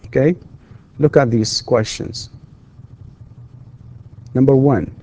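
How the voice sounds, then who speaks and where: A man's voice: medium pitch, takes it slowly, long pauses, warm tone. A male university English lecturer, giving a recorded lesson and patiently repeating questions for his students. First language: Arabic.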